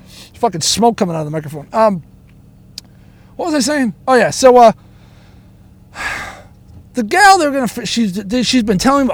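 A man with a high voice rants from inside his car, stuck in traffic and talking into a handheld recorder. He swears in nearly every sentence, trails off and restarts, and rambles from one tangent to the next. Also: big pitch swings, normal speed, long pauses. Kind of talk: rambling profane storytelling.

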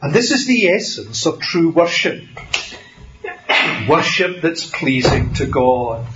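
A man preaching a sermon in a church, speaking in a slow, deliberate and emphatic way. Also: on the high side, very animated, heavy background noise. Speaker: pastor. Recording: roomy, slightly dull church recording.

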